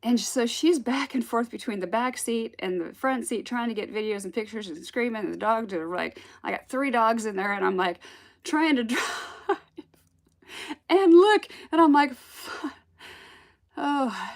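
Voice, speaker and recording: A woman telling a personal spiritual story in a casual, animated way, acting out the voices she quotes and laughing often. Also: on the high side, moderate pace, gravelly.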